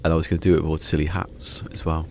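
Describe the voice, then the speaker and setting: A man's voice: extremely low pitch, level tone, racing, darkish tone, a little hiss or hum. An English man streaming a game live, chatting casually in a rambling way, often restarting his sentences. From England.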